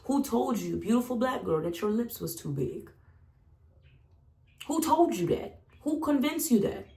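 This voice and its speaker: A woman's voice: fairly high pitch, unhurried, gravelly. A young woman from the South, talking bluntly and with lots of swearing in a candid casual monologue. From Southern United States. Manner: blunt, profane, animated. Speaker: vlogger. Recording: echoey room.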